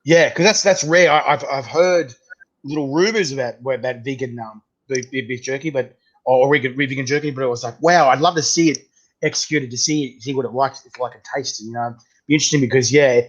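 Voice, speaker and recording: A man's voice: medium pitch, brisk. A man with an Australian accent hosting a casual chat, laid-back and talkative, often saying "mate" and restarting his sentences. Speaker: host. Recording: muffled lo-fi sound.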